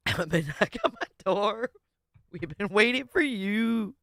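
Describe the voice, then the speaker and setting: A woman hosts a casual live stream reaction, dissolving into giggles and tossing out curse words. Her pitch swoops up and down with lots of animation, and she takes her time over each phrase. The sound is close and dry, with almost no room echo. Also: animated, slow, creaky, long pauses, a bit bright. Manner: giggly, laughing constantly, swearing freely. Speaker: livestream host. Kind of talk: casual livestream reaction commentary.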